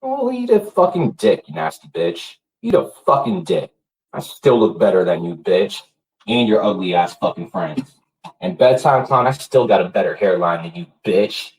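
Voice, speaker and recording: Man streamer, husky low voice, profane taunting rant on a live stream. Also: very animated, normal speed, darkish tone, rough recording.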